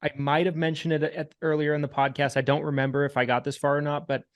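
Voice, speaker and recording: A man hosting a casual podcast, talking in a measured way, repeating himself and laying out points one by one. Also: fairly high pitch, flat delivery, no room sound, studio quality. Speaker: podcast host and insurance agent.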